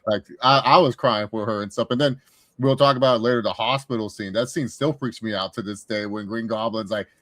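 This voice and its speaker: An excitable young man in a loose podcast chat. He talks with quick emotional swings and rambles from story to story. His voice sounds close and dry, with little room around it. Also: lowish voice, dry recording. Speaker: co-host, film reviewer.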